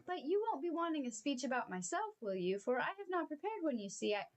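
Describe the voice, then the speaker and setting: A woman voicing a drunken, boastful male toad in a read-aloud storybook, talking slowly and pompously. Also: very animated. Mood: eager. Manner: slow, swaying, pompous, high and wavering.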